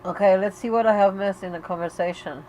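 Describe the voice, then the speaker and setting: A woman's voice: medium pitch, fairly even intonation, fast, a little mellow, rough recording. A woman hosting a casual livestream chat from her bed at home, talking openly and emotionally to viewers, with many fillers and restarts. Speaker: livestream host for an epilepsy community. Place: bedroom at home.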